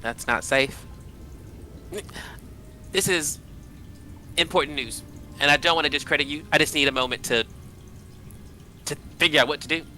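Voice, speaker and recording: A self-important young princess weighs a problem in formal, halting words, as a man plays her. The voice is bright and a bit tense, in his own range. It comes from a tabletop game. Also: on the high side, a little hiss or hum. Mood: pondering. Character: proud young sea princess and healer.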